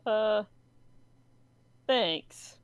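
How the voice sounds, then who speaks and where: A woman's voice: mid-range voice, very slow, clean tone, no room sound. A woman playing a tabletop game, hesitant and giggly, often stumbling over her words. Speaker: player.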